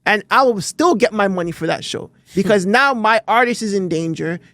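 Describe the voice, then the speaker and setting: A Canadian man co-hosting a podcast, chatting casually in animated, rambling bursts with frequent restarts. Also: high voice, normal speed, no room sound. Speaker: podcast co-host. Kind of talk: casual chat.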